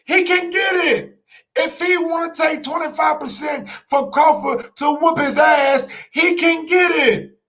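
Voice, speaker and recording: A man's voice: very high-pitched, fairly even intonation, a little slow, a bit bright. A man hosting a sports show, ranting in a heated, profane live-stream style, repeating his points for emphasis.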